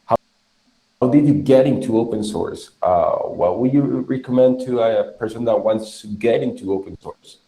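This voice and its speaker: A man's voice: mid-range voice, normal speed, dark tone. A man from Colombia with a Colombian Spanish accent, a native Spanish speaker, hosting a podcast and interviewing a guest with frequent hesitant fillers. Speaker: podcast host. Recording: echoey room.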